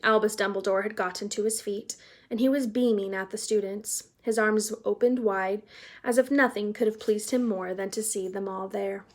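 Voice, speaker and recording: A woman reading a children's novel aloud in a casual, chatty way, pausing to explain words for young listeners. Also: medium pitch, fairly even intonation. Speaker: read-aloud narrator.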